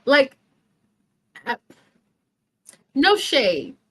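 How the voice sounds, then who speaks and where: A woman's voice: sits high, sing-song, extremely slow, sharp tone. A woman hosting a movie watch-party stream, giving casual, chatty commentary with playful slangy asides, sounding tired from an early start.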